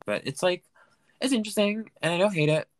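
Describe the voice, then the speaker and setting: A man hosting a solo recap podcast, talking in a campy, chatty way that swings between loud gushing and mumbled asides. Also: sits high, fairly quick, no echo. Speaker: podcast host.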